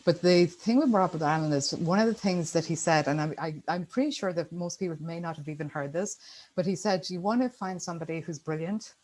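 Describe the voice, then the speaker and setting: A woman's voice: on the low side, fairly quick, darkish tone, rough recording. A middle-aged woman with an Irish accent, giving a chatty, upbeat talk as a guest speaker on a video call, with many fillers. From Ireland. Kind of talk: casual presentation on a video call.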